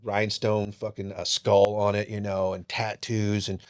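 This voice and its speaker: A man's voice: lowish voice, flat delivery, normal speed, clean tone. A boisterous man, a podcast guest, telling a long personal story in casual chat. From Seattle area.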